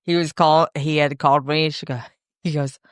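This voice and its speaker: A woman with a Southern US accent co-hosting a podcast in casual chat, bubbly and quick to apologize. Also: low-pitched, fairly even intonation, smooth, dry recording, studio quality. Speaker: podcast co-host.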